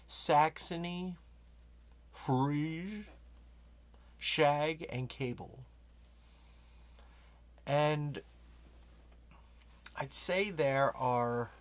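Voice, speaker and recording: A man doing a deadpan comedy monologue as an over-earnest self-proclaimed rug expert, slipping into savoring, hushed breathy asides. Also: medium pitch. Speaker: comic rug expert character.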